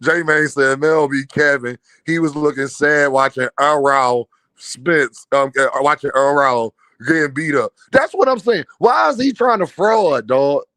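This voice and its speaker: Brief: high-pitched male streamer, dry close mic, mocking and laughing a lot, slangy chat with viewers. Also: a little slow, fairly bright tone, no echo. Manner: laughs a lot, mocking, repeats a running catchphrase; talks to live chat, slangy. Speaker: boxing commentary streamer. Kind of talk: casual live-stream commentary.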